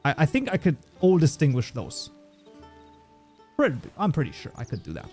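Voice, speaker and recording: A man's voice: fairly high pitch, huge pitch swings, normal speed, darkish tone, faint music behind. A man with a German accent chatting casually on a livestream, joking around and reading viewer messages aloud. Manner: joking, reads chat aloud, many fillers. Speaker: streamer.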